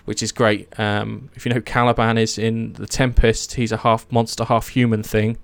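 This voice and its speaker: A man's voice: on the low side, little pitch movement, normal speed, vocal fry, no echo. A man chatting casually and eagerly about a series, rambling with many fillers and restarts. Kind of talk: casual chat.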